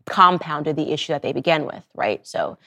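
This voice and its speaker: Woman podcast host, lowish voice, animated storytelling, personal monologue. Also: moderate pace.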